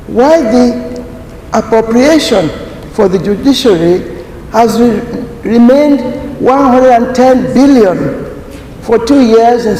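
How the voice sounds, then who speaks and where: A man giving a formal prepared speech at a conference, slow and deliberate, stressing key words. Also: very high-pitched, dark tone, a little hiss or hum. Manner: slow, deliberate, emphatic delivery. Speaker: conference speaker. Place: large conference hall. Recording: echoey hall, faint ambience.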